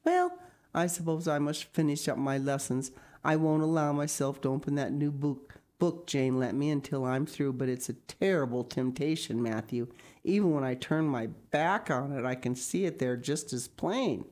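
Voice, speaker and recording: A woman's voice: sits low, lively intonation, moderate pace, a little mellow. A woman reading an audiobook, voicing an eager, talkative young girl who gushes. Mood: chattering. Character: chatty, imaginative young girl.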